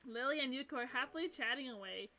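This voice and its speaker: A woman streamer reading a visual novel aloud and gushing excitedly between lines, often giggling. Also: sits high, fast talker.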